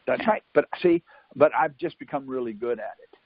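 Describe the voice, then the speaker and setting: Host for a call-in show, husky, dry, dull lo-fi phone-call sound, anecdotal and chatty. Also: male voice, medium pitch, lively intonation, normal speed, no room sound. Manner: keeps asking "See?" while telling anecdotes. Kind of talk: casual storytelling on a call. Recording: dull lo-fi conference call line.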